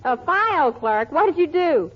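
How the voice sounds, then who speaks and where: A woman's voice: high-pitched, sing-song, moderate pace. A woman playing a cheerful, naive country girl in a 1940s radio comedy, talking in folksy rural slang and giggling. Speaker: show star. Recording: muffled old radio broadcast, studio audience.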